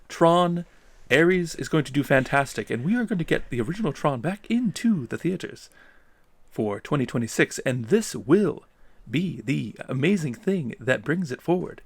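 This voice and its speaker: A man's voice: on the high side, sing-song, a little slow, creaky, breathy edge, no room sound, full character voice. A man voicing a British male guest on a show in a mock British accent, speaking in an upbeat promotional way.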